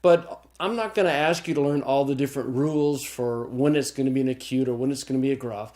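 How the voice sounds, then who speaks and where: A man's voice: medium pitch, fast talker, darkish tone. A man teaching a recorded lesson, patient and repetitive, often checking in with the listener. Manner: patient, repeats key points and checks with "okay?". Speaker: Greek teacher. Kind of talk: recorded lecture.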